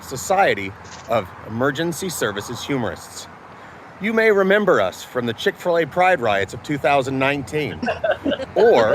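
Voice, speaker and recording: A woman's voice: deep voice, noisy background. A woman delivering a scripted comedic monologue in a mock-official, announcer-like manner over a video call. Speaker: comedian presenting a character bit.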